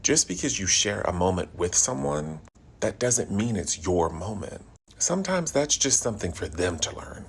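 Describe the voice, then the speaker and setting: A man with a very low voice talks through self-help advice in a measured, earnest way. His delivery is reflective and steady. A slight hiss runs under the recording. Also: creaky. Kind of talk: reflective motivational talk.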